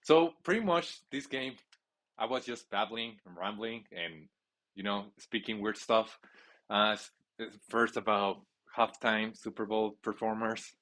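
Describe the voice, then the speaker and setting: Excitable rambling man narrating his gameplay. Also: fairly low pitch, unhurried. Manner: excitable, rambling, with frequent restarts. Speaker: gamer playing a football video game.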